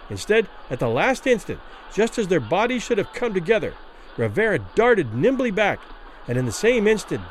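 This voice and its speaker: A man reads a classic boxing story aloud with dramatic, expressive delivery. His voice sits a little higher than most men's and rises and falls in lively waves. The pace follows the tension of the fight. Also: slight background noise, rough recording. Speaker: narrator. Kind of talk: dramatic audiobook narration.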